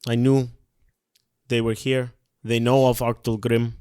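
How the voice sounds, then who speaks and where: A man playing a tabletop game in character, solemn and measured, on a close mic. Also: mid-range voice, little pitch movement, a little mellow, clean tone, dry recording. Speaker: player. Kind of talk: in-character tabletop role-play.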